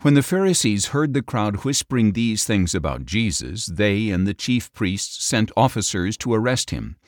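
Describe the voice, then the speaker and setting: A man narrating scripture in a steady, solemn reading. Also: lowish voice, moderate pace, no room sound, clean studio sound. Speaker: scripture reader.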